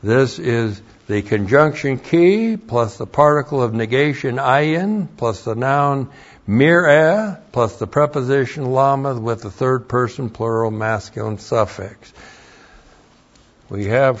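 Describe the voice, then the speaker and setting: Man, Bible lecture, slow deliberate delivery, spells out words, dull lo-fi sound. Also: mid-range voice. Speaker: Bible teacher. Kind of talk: verse-by-verse lecture.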